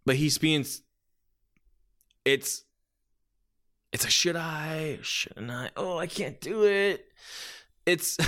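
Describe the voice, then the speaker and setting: Animated man rambling through a review. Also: mid-range voice. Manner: animated, rambling with many restarts. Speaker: podcast host. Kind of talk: casual review podcast.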